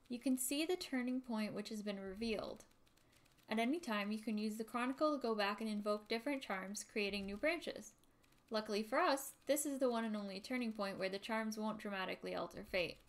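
A woman's voice: on the high side, natural voice. A woman voicing a theatrical game narrator who speaks to the reader. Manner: dramatic, addressing the reader. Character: theatrical storyteller narrator, grand. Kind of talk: reading game narration aloud.

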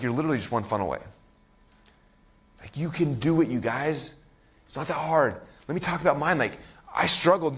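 A man in his thirties teaching an online marketing workshop. He talks excitedly, keeps asking "right?" and acts out other people's voices. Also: a little high.

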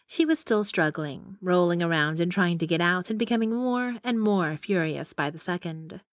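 A woman's voice: lowish voice, normal speed, no echo. A young adult woman narrating a first-person romance audiobook in an intimate, wry manner on a close mic.

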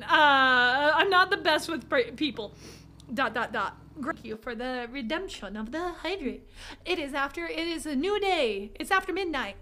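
A woman's voice: high voice, lively intonation, unhurried, pushed and bright. A young woman streaming a horror game live, giggling and reading the game's dialogue aloud in a playful way. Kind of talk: live gameplay commentary.

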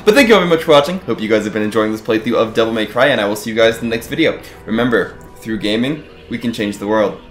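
Man, let's play host, gaming commentary, lively swinging pitch, lots of swearing, echoey room, faint game music. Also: fast talker, hardly any pauses. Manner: swears often, animated and frustrated at the game.

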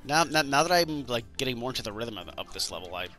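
Man, let's-play commentary, excitable, swears a lot, lively pitch, bright tone. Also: fast, faint music behind. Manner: swears freely, excitable reactions. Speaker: gameplay commentator. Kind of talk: casual let's-play chat.

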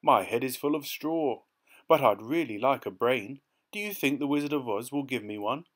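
A man's voice: mid-range voice, animated, moderate pace, fairly bright tone. A man voicing a friendly, hopeful scarecrow in a storybook. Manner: earnest and hopeful. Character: friendly scarecrow stuffed with straw.

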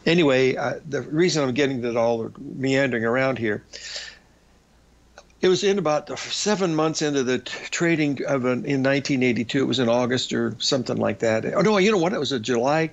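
Older male radio host, gravelly, telling meandering anecdotes over dull lo-fi audio. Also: medium pitch, fairly quick. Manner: rambling anecdotal storytelling with fillers. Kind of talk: storytelling on a radio show.

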